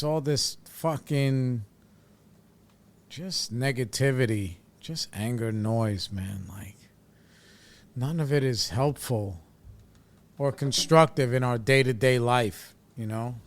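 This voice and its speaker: Speaking into a studio microphone with no echo, a podcast host talks through his solo show in a relaxed, rambling manner, full of fillers and curse words. His voice is mid-range and smooth.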